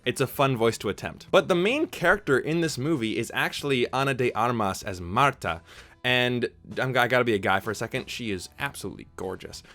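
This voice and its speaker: A man's voice: mid-range voice, lively intonation, a little fast, sharp tone. Chatty young man reviewing movies. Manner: enthusiastic, chatty, informal. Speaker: movie reviewer, channel host. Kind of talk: casual movie review vlog.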